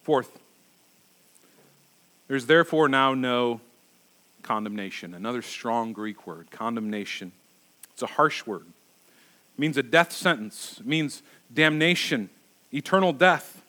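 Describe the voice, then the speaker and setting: A man's voice: medium pitch, animated, takes it slowly, long pauses, sharp tone. A middle-aged male pastor preaching a sermon, emphatic and repeating words for stress.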